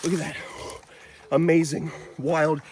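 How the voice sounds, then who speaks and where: A man on a wildlife vlog, outdoors in a forest, explaining animal facts to viewers and bursting into joyful shouts. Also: fairly high pitch, flat delivery, measured pace, a little hiss or hum. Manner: exuberant, bursts into shouts of joy. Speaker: wildlife vlogger. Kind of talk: excited wildlife vlog narration.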